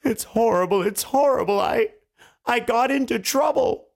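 Man voicing a wailing fairy-tale king, lively up-and-down pitch, gravelly edge, storybook. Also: fairly quick. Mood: anguished. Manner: yelps and wails in pain. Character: greedy king, whiny and panicky.

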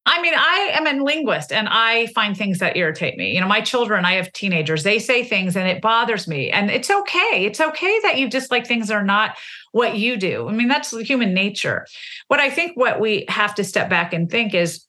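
A woman in her forties, a linguist, giving animated explanations in an interview and acting out example phrases. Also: mid-range voice, normal speed. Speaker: linguist guest.

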